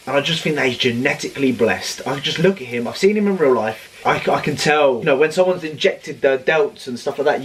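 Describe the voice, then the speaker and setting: A man's voice: mid-range voice, a little hiss or hum. A man talking casually in a vlog, blunt and rambling, swearing freely. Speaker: fitness vlogger and coach.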